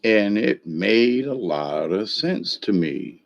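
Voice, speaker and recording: A man's voice: fairly low pitch, expressive, slow pace, muffled recording. A man giving a casual spiritual talk, telling stories in a rambling, folksy way with blunt, coarse language. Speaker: spiritual teacher. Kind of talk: casual spoken teaching.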